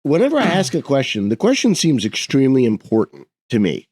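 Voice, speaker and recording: A man's voice: mid-range voice, huge pitch swings, fairly quick, a little mellow, no room sound. A man co-hosting a podcast, asking curious questions and prompting his guest to explain, with dry quips. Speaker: podcast co-host. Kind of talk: casual podcast conversation.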